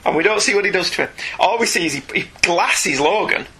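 A high-voiced man co-hosts a comics podcast, chatting casually and with animated enthusiasm, quick to laugh. The audio quality is poor.

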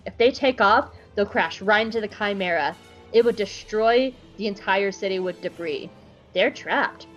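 A woman's voice: medium pitch, a bit bright. A woman co-hosting a podcast, recapping an episode in a playful, irreverent way. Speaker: podcast co-host. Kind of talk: casual recap commentary. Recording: dull lo-fi podcast audio.

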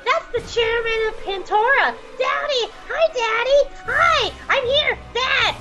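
A woman doing a shrill, squealing daughter. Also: unhurried, bright, forceful tone, faint music behind, full character voice, poor audio. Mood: ecstatic. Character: giddy young woman squealing for her father.

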